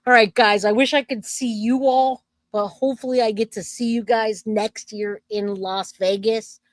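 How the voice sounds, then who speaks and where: A woman's voice: fairly high pitch, steady tone, moderate pace, dry recording. A woman hosting a true crime livestream, chatting loosely with her viewers and reading comments aloud. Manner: loose and chatty, self-interrupting, laughs easily.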